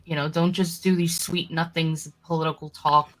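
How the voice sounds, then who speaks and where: A woman with a low-pitched voice co-hosts a political talk show. She chats loosely, leaning on "you know" and "um", then reads news items aloud. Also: little pitch movement, normal speed. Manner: chatty, many fillers like "you know" and "um". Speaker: podcast co-host.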